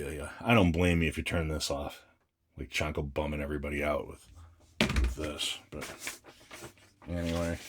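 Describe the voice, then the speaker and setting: A man's voice: a bass voice, slight background noise. A man vlogging while unboxing comics, grumbling and swearing in a casual, exasperated rant. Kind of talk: casual ranting unboxing vlog.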